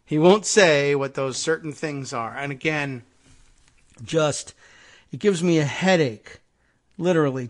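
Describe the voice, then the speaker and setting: A middle-aged man hosting a political commentary podcast, talking in a sarcastic, exasperated way. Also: on the high side. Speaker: host.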